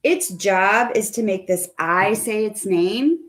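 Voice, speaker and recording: A woman's voice: medium pitch, animated, takes it slowly, a bit bright. A woman teaching a phonics lesson to children over a video call, patient and coaxing, asking her students questions. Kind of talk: online phonics lesson for kids.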